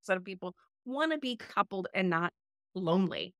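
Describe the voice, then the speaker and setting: A woman's voice: medium pitch, animated, normal speed, fairly bright tone, dry recording. Emphatic woman life coach, dry close mic. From United States. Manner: emphatic, direct advice-giving, repeats key phrases. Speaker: life coach and relationship expert guest. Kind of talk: podcast interview.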